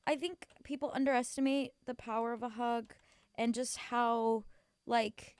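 A woman's voice: fairly high pitch, a bit bright, clear, resonant tone, no echo, clean studio sound. A young woman hosting a show, telling a story in a chatty, dramatic, giggly way with lots of slang. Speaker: radio host. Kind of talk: casual chat.

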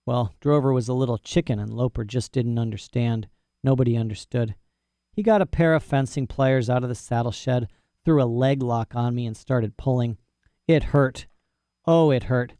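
A man's voice: mid-range voice, warm tone, clear, resonant tone, no echo, clean studio sound. A man narrating a story in first person with a folksy, boastful manner and rural dialect grammar. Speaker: audiobook narrator.

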